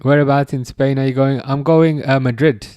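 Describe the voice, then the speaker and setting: Young male streamer, casual live match reaction, reads chat aloud, dry close-mic sound, mid pitch. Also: normal speed, clean tone, no room sound. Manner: chatty, reads chat messages aloud, bursts of excitement at chances. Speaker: watchalong streamer.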